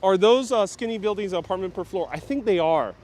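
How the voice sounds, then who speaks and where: A man's voice: high voice, lively intonation, quick pace, a little mellow. A man from New York City hosting a live walking tour outdoors, chatting with viewers and reading out and answering their comments. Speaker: walking-tour livestream host.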